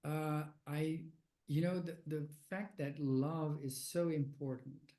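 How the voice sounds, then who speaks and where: Slow, mellow-voiced older man. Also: a little high, fairly even intonation, rough recording. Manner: halting, with many fillers and restarts. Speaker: guest researcher of near-death experiences. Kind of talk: conversational interview answers.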